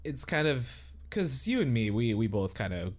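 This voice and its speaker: A man's voice: medium pitch, very animated, normal speed. A man co-hosting a casual podcast, rambling hesitantly with many restarts. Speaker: podcast co-host. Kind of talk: casual chat.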